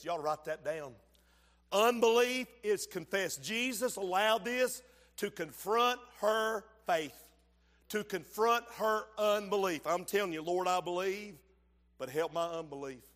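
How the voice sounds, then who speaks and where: A man preaching a fervent sermon, swinging from shouts to low asides and calling out to the congregation. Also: animated, slow. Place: church sanctuary. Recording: long hall reverb.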